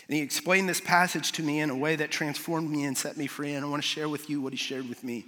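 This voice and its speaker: A man preaching a sermon as a pastor, storytelling with animated swings and soft, low moments for emphasis. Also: fast. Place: large hall with audience. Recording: long reverb of a large hall.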